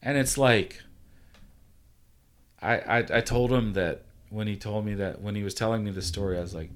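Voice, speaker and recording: An earnest man hosting a relaxed podcast chat. His voice sits low, and he talks in a reassuring, storytelling way. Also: moderate pace, long pauses. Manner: earnest, reassuring, tells stories. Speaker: podcast host, father. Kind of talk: casual chat.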